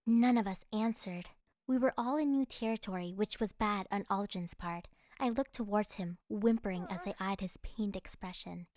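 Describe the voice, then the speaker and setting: A woman narrating a first-person fantasy audiobook in an expressive, dramatic way. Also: mid-range voice, normal speed, dry recording.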